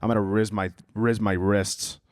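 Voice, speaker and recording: A man's voice: lowish voice, flat delivery, normal speed, no room sound, clean studio sound. A man hosting a solo podcast, ranting casually with sarcasm and profanity and laughing at his own jokes. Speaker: podcast host.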